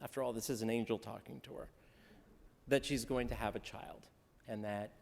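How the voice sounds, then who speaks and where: During a synagogue service, a male rabbi gives an interactive sermon on the weekly Torah portion, speaking conversationally, quizzing the congregation and slipping in wry jokes. His medium-pitched voice is steady and a little mellow, at a normal speed with some vocal fry. The recording has a big-room sound in the sanctuary and a faint hiss or hum.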